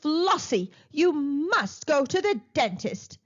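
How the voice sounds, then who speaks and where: Storybook figure: a woman playing a firm, commanding mother shark, animated and deliberate. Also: sits high, lo-fi sound, voice pushed up, full character voice. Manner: firm, declaring.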